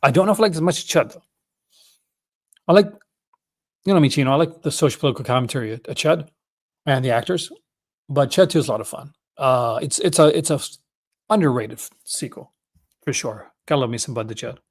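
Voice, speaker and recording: A man's voice: medium pitch, expressive, fast, long pauses. A man hosting a casual livestream, rambling enthusiastically and often correcting himself mid-sentence. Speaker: host.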